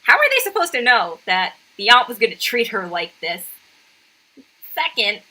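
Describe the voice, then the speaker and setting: A woman streamer riffs over a video in casual, sarcastic commentary. Her voice is bright and leaps around in pitch as she reacts in disbelief. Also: sing-song, normal speed. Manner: incredulous, sarcastic.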